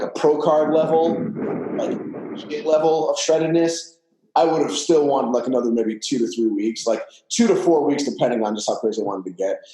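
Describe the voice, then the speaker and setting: A man on a podcast recounts things in loose, candid chat, with lots of fillers and casual swearing. His voice sits a bit higher than most men's, and it rings around a roomy, echoey space. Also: dark tone. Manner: candid, profane, filler-heavy storytelling. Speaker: podcast guest. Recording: roomy echo.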